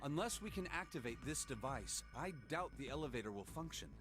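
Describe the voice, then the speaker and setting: A man voicing a calm, learned man who speaks in a measured, precise way, in a fan reading of a game. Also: on the high side, over music. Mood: composed.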